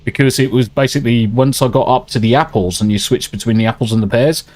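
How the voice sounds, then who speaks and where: Male game streamer, rambling, sweary, chatty, mid-pitched. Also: fast talker, a little mellow. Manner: swearing, rambling and chatty, reads out viewer messages. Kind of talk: casual gameplay chat.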